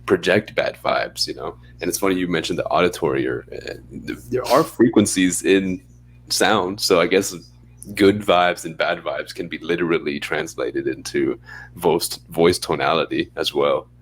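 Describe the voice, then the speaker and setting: Man, very deep voice, casual podcast chat, relaxed and chatty, faint hum. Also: normal speed. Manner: laid-back, chatty, fond of acting out high phone voices. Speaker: podcast co-host.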